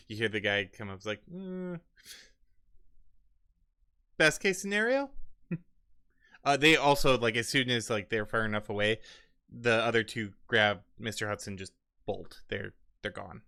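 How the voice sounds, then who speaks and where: A man's voice: on the low side, steady tone, moderate pace, creaky, pushed and bright, dry recording, clean studio sound. A man narrating as game master of a tabletop game in a loose, filler-heavy way.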